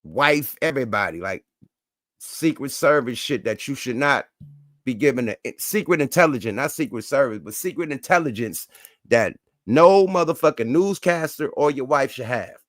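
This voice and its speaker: A man hosting a commentary show, reacting to clips with loose, emphatic talk full of profanity and repeated catchphrases. His voice sits at a middle pitch. It is recorded dry and close to the mic. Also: lively intonation, normal speed, dry recording. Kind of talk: casual commentary.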